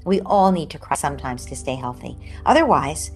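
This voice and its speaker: A woman parenting expert explaining advice in an online interview over a video call, lively and often checking in with "right?". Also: low voice, fairly quick, faint music behind. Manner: animated, acts out parent and child voices, often tags "right?".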